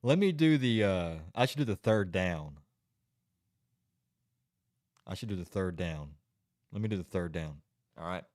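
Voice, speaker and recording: Male streamer, low voice, casual, laughs easily, keeps stalling. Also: measured pace, pauses often, no room sound, studio quality. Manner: chatty, giggly, keeps stalling. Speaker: livestream host. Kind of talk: casual livestream chat.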